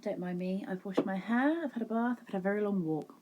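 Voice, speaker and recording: Sitting at home, a woman chats casually to her viewers in a crafting vlog, chatty and self-mocking. Her mid-range voice moves fast, and the audio is dull.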